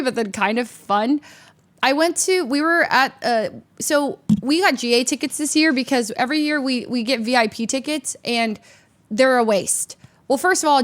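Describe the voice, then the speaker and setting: A woman streamer chatting casually and telling stories in an animated way, acting out other people's voices as she goes. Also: on the high side. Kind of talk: casual chat.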